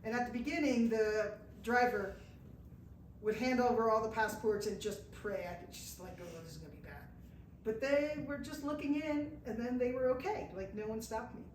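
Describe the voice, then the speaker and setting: A woman's voice: fairly high pitch, normal speed, darkish tone. A woman from the United States telling a live travel story to an audience, acting out the people she quotes and laughing at herself. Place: indoor event room with an audience. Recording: echoey room from far off, faint noise.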